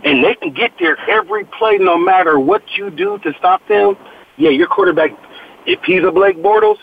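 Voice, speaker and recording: Man, high-pitched, animated, joking sports banter, punchy quips, tinny phone-like sound. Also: normal speed, creaky. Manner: joking, punchy one-liners, laughs at own quips. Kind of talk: casual sports talk. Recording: phone-like lo-fi audio.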